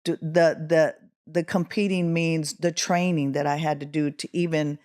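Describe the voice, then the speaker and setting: A middle-aged woman from Oakland, California, a guest musician telling a story in an interview, acting out the quotes with a rising voice. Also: moderate pace. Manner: animated, acts out quotes with rising pitch.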